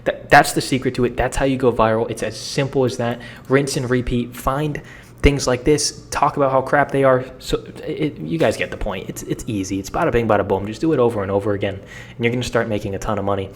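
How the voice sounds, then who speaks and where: A man's voice: mid-range voice, a little fast, a little hiss or hum. Blunt, slangy young man coaching. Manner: energetic, blunt and slangy, with frequent repeats. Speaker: social media coach. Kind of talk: casual how-to talk.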